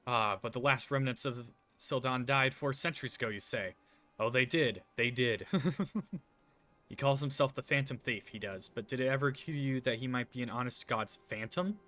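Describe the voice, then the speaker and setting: A man voicing a superstitious, grieving older parent in a put-on folksy accent, telling dark tales dramatically. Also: medium pitch, normal speed, faint music behind, natural voice. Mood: eerie. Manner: brooding, dramatic storytelling.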